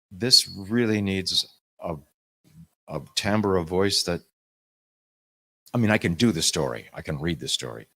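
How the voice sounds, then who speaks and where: A man speaking on a convention panel about audiobook narration, lively and self-interrupting, with frequent restarts. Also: sits low. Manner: animated, uses music metaphors, self-interrupting. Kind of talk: panel talk.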